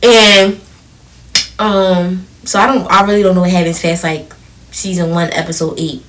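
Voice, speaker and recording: A woman's voice: on the low side, normal speed, distant mic. A seventeen-year-old girl co-hosting a podcast, chatting casually and telling stories with laughter. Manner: laughing, animated storytelling. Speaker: podcast co-host. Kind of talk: casual chat.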